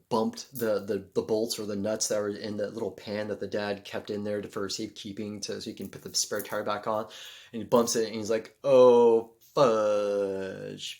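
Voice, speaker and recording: A man telling a personal story in a casual, rambling way, full of fillers and loud acted-out exclamations. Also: lowish voice. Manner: acts out moments with loud shouted exclamations.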